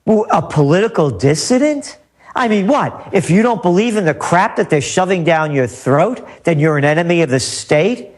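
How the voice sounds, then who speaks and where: A man's voice: on the high side, normal speed, hardly any pauses. A man as a guest on a talk radio interview, ranting emphatically and repeating his points. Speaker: guest trend forecaster.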